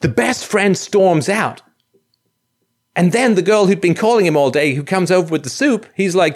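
A man hosts a call-in show and tells a story casually, acting out the people in it. His somewhat high voice swings widely, and he stumbles into frequent restarts. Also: moderate pace. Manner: animated, stammering restarts, acts out quotes.

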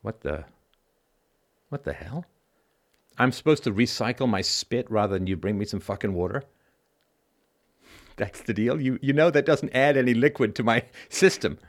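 A man's voice: medium pitch, lively intonation, moderate pace, long pauses. A middle-aged man hosting a call-in show, talking bluntly and emphatically, swearing freely and tagging "right?" onto his points. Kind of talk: conversational call-in monologue.

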